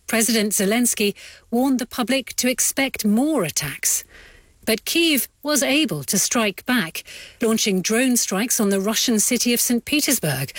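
A woman news presenter reads her scripted links crisply, her voice pitched a little high and moving lively up and down. The studio sound is close and dry. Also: dry recording.

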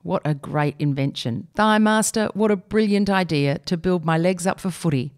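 A woman's voice: on the low side, moderate pace. A woman reading a humorous personal essay aloud in a wry, conversational way.

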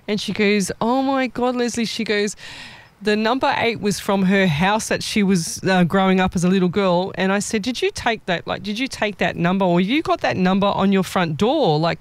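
A woman's voice: mid-range voice, dry recording. A woman psychic medium chatting casually and acting out the people in her stories. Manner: lively storyteller acting out quoted people. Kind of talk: casual chat.

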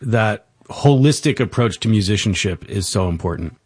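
Male interviewer, low voice, upbeat and encouraging, dry studio sound. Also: animated, moderate pace, darkish tone, breathy edge, no room sound. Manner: enthusiastic, encouraging. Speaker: interview host. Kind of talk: interview hosting.

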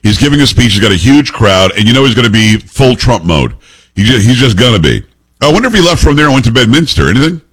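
A man's voice: medium pitch, very animated, fast talker, fairly bright tone, breathy edge. A man hosting a radio talk show who teases his co-hosts and rambles in a casual, chuckling way. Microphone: studio microphone.

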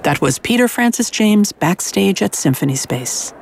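A woman's voice: mid-range voice, lively intonation, normal speed, creaky, slight background noise. Woman hosting a radio literature show. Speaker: radio host. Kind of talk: scripted radio presenting.

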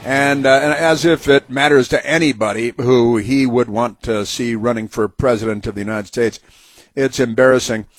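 A man's voice: medium pitch, fairly even intonation, normal speed, no room sound, soft background music. A man hosting a talk radio show, delivering sarcastic, mocking commentary that rambles with many fillers and restarts.

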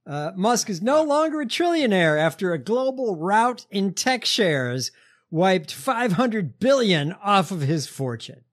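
A man's voice: high-pitched, big pitch swings, a little slow. A man hosting a podcast in casual chat, laid-back and profane, with lots of fillers. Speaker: podcast host.

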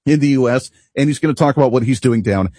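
A man's voice: medium pitch, quick pace, mellow, no room sound. A man hosting a talk radio show, delivering an opinionated, rambling monologue and laughing at himself, recorded at a studio microphone. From United States.

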